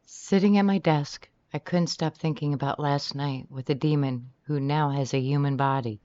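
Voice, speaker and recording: Animated first-person audiobook narrator, dry read. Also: medium pitch, moderate pace, no echo. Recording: slightly dull, dry recording.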